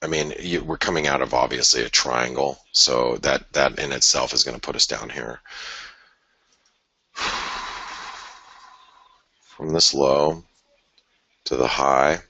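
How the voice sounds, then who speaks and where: A man's voice: a bass voice, steady tone, takes it slowly, gravelly, long pauses, bright, forceful tone, breathy edge, dry recording. A man hosting a live forex chart analysis, thinking aloud in a conversational way with sighs and restarts. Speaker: forex market analyst host.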